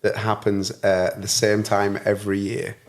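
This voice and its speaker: A man's voice: on the low side, level tone, moderate pace. A man in a casual podcast chat, telling tour stories and often laughing. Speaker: musician guest.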